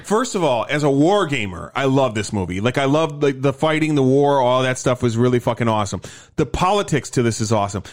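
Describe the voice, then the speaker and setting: A man's voice: medium pitch, animated, fairly quick. A man co-hosting a casual podcast chat, enthusiastic and profane, often stumbling and restarting. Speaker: podcast co-host.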